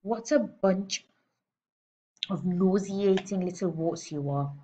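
Woman acting out a bullying giant headmistress, barking, scornful, storybook reading, lower voice, muffled lo-fi sound. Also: lively intonation, brisk, slight background noise, close to an everyday voice. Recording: dull lo-fi recording.

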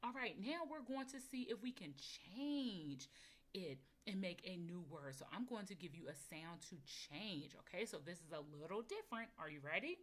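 A woman teaching a recorded phonics lesson to young children, encouraging them and sounding out words slowly and clearly. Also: fairly low pitch, animated. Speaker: kindergarten teacher.

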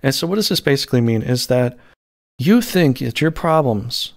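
With a creaky, mid-range voice, a man gives an animated tarot reading at normal speed. The reading rambles and drifts, packed with fillers and false starts.

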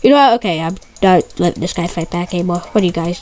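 A woman giving excitable, stuttery gameplay commentary, repeating her exclamations and swapping curses for mild words. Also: on the low side, fast talker, hardly any pauses. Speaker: gamer.

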